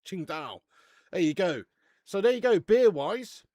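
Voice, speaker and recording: A man's voice: high voice, animated, measured pace, darkish tone, no echo, studio quality. A man hosting a casual football watch-along stream, chatting with the live chat and swearing casually.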